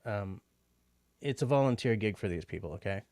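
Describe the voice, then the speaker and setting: A man with a fairly low voice chats through a relaxed livestream, rambling and filling pauses with ums. The sound is dry and close, with hardly any room around him. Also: dry recording. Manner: rambling and chatty with many fillers. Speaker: livestream host. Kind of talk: casual livestream chat.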